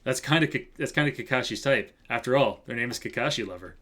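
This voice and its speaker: A man's voice: mid-range voice, fast talker, fairly bright tone. A man streaming live, chatting casually through gameplay in a rambling, easygoing way. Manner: casual, rambling, laughs easily.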